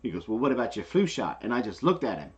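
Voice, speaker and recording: A man's voice: mid-range voice, fast talker, muffled recording. A man telling a story in casual chat, acting out the people he quotes. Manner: animated, acts out the people he quotes. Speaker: co-host.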